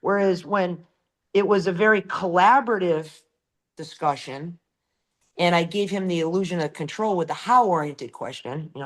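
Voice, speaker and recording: A middle-aged man in a casual podcast chat, telling lively anecdotes about selling shower doors and acting out the quotes, swearing now and then. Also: high-pitched, moderate pace. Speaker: shower door salesperson.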